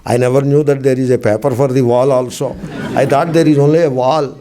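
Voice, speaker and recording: A man's voice: medium pitch, steady tone, fairly quick, mellow. A man, a swami, teaching a spiritual discourse class, emphatic and fond of asking and answering his own questions, repeating key phrases with dry humor.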